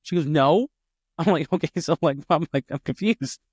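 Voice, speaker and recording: A man's voice: on the high side, a little fast, a little mellow, breathy edge, no echo, clean studio sound. A man hosting a podcast, chatting casually, rambling with many restarts and fillers, and acting out the dialogue he quotes. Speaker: podcast host. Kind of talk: casual conversation.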